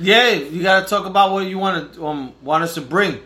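A man's voice: sits high, brisk, noisy background. A man co-hosting a podcast, chatting easily and swearing casually. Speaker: podcast co-host. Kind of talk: casual chat.

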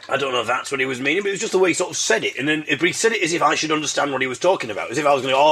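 A man's voice: fairly high pitch, very fast, hardly any pauses, fairly bright tone, slight background noise. A man hosting his own podcast, telling comic stories in a wry, self-mocking way and slipping in puns. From Britain. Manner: fond of puns. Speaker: podcast host. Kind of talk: comic monologue.

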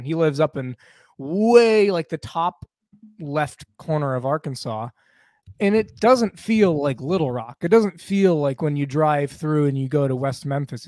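A man's voice: a little high, darkish tone, dry recording, studio quality. A man co-hosting a casual podcast chat, rambling and going off on tangents. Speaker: podcast co-host.

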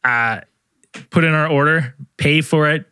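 A man's voice: a little high, measured pace, bright, forceful tone, clear, resonant tone, dry recording, clean studio sound. A man casually telling a story among friends, rambling with lots of fillers and laughs.

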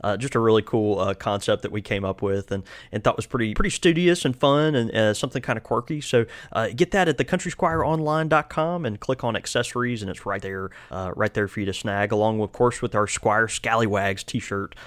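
A man from Mississippi, co-hosting a podcast in relaxed, agreeable banter. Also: fairly low pitch, a little fast, few pauses. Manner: relaxed, agreeable, laughs easily. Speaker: podcast co-host.

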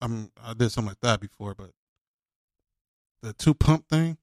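A man's voice: mid-range voice, normal speed, darkish tone, no echo. Laid-back man, bone-dry sound. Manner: laid-back, rambling, drops "man" often. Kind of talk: casual chat.

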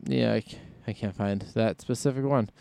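A man's voice: fairly low pitch, moderate pace, gravelly, mellow, smooth, no room sound. A man hosting a solo podcast in casual chat, rambling and thinking aloud as he goes. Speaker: podcast host.

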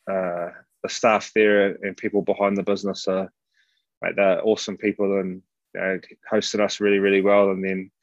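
A man from New Zealand with a New Zealand accent, a guest rugby player chatting casually, often saying "mate" between halting fillers. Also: fairly low pitch, no room sound. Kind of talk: casual interview chat. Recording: dull, dry lo-fi audio.

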